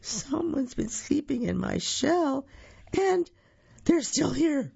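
Tiny baby crocodile for a storybook, put on by the reader, high and squeaky, gravelly edge, dull lo-fi sound. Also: sing-song, slow pace, darkish tone, no room sound, full character voice. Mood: squeaky alarm.

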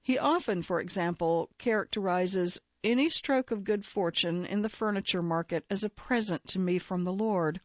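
A woman reading a magazine feature aloud as a narrator, in an even, measured way. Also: medium pitch, no room sound, lo-fi sound.

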